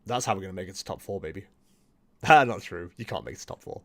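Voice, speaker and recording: Chatty, lively-voiced male streamer. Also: low voice, fast talker, no echo. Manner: chatty, rambling, self-mocking. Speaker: streamer playing a card game. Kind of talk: casual live-stream commentary. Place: at home.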